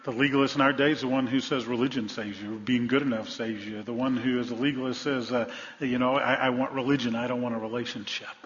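A man's voice: mid-range voice, fairly even intonation, fast, hardly any pauses, a bit bright, a little hiss or hum. A male pastor preaching a sermon, asking the congregation rhetorical questions and building to emphatic points. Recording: dull sound in a long-reverb hall.

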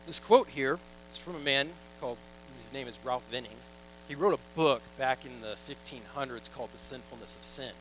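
A man's voice: mid-range voice, fairly quick, fairly bright tone, a little hiss or hum, poor audio. A young man preaching a sermon in a casual, joking, storytelling way, reading scripture and acting out little quoted asides. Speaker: pastor.

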